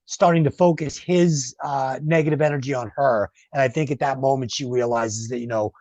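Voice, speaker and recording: A man's voice: mid-range voice, steady tone, a little fast, a little mellow, no echo, highs cut off. Guy on a podcast going over a movie plot, lots of ums, dry sound. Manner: rambling recaps with fillers. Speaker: podcast host. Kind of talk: casual movie review chat.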